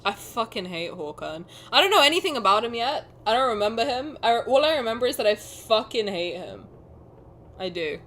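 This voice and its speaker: A young woman streamer giving casual, expressive gameplay commentary and swearing and joking as she plays. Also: fairly high pitch, a little fast, slight background noise.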